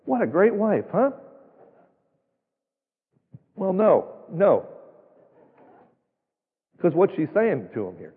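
A man's voice: sits high, huge pitch swings, takes it slowly, pauses often, slightly rough. A man preaching a sermon in a church, folksy and emphatic, with many rhetorical questions. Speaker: pastor. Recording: tinny phone-like sound, long hall reverb.

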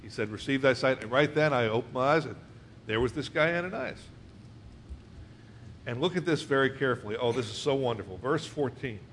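A man's voice: medium pitch, lively intonation, a little fast, fairly bright tone, slight background noise. A man preaching to a congregation, reading scripture aloud and explaining it conversationally, often asking his listeners questions. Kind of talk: verse-by-verse Bible teaching.

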